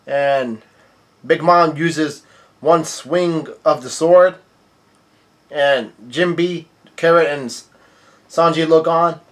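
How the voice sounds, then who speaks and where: A man's voice: a little high, slow, long pauses. Rambling man recapping a manga chapter. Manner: rambling, many "uh" fillers and restarts. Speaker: manga reviewer. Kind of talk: casual manga page-by-page recap.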